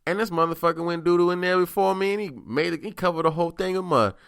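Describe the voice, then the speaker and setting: A man's voice: high-pitched, fast, creaky, fairly bright tone, smooth, voice pushed up. A man voicing an annoyed young woman who gossips to a friend in a sassy, indignant, profane way.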